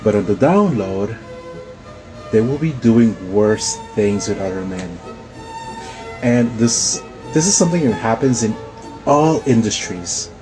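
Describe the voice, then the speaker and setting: A man's voice: fairly low pitch, expressive, unhurried, pauses often, music in the background, rough recording. A man giving laid-back video commentary, chuckling now and then.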